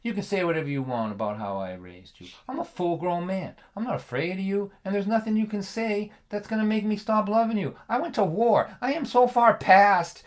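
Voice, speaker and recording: Guy doing a stern old dad, slow and measured, voice pitched up a bit. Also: lively intonation. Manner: measured, lecturing slowly. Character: older working-class father, war veteran, calm and quietly cutting.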